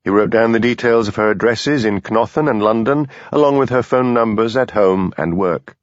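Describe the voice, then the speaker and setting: A man narrating an audiobook in a measured, expressive reading. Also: lowish voice, dry recording. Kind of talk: scripted narration. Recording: dull lo-fi dry studio recording.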